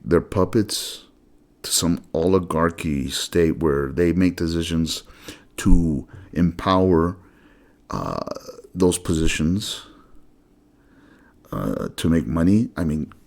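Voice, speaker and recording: A man's voice: low voice, expressive, slow, creaky, pauses often, darkish tone. A man hosting his own channel, delivering a blunt, profane solo monologue. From United States. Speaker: channel host.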